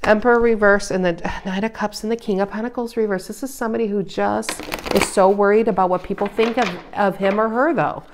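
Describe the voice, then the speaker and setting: Woman doing a tarot reading, gets loud then quiet, really emphatic, mid pitch. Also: slight background noise. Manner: emphatic, animated, swings between loud and soft. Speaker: tarot reader.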